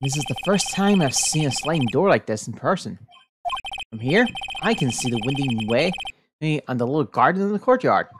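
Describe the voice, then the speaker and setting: A woman streamer reading a video game's text aloud in a plain, low-key way, adding small asides as she plays. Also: animated, normal speed, background noise. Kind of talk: reading game dialogue aloud while playing. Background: game music.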